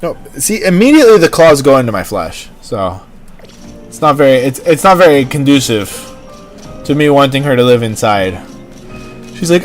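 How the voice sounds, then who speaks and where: A man's voice: mid-range voice, very animated, normal speed, soft background music. A man hosting a livestream, chatting in a rambling, casual way full of "like" and "you know". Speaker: livestream host.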